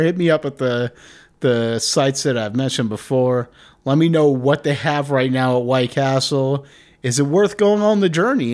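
A man's voice: fairly high pitch, darkish tone. Profane, rambling male podcast host. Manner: moves closer to and away from the mic. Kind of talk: solo comedy podcast rant.

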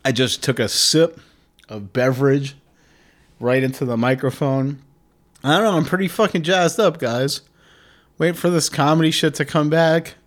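A man hosting his own comedy podcast, talking in a loose, profane ramble. His voice sits a bit high for a man. He keeps leaning toward and away from the microphone, so his level rises and falls. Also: normal speed. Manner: moves closer to and away from the mic. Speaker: podcast host. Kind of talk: solo comedy podcast rant.

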